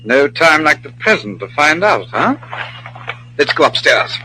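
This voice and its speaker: A man playing a suave, scheming male enemy spy with smooth, oily politeness, in 1940s radio acting style. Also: fairly high pitch, sing-song, measured pace, noisy background.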